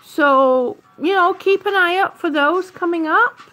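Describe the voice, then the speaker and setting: A middle-aged woman chatting warmly with viewers on a live stream, a little out of breath, calling them honey and sweetie with drawn-out vowels. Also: very high voice, soft background music. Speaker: vlogger on oxygen.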